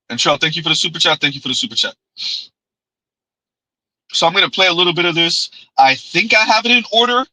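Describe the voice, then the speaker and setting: Guy ranting on his livestream, high bright voice kinda husky, very dry sound. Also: no room sound, rough recording. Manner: emphatic, repetitive, refers to himself in third person. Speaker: livestream host. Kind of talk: commentary livestream.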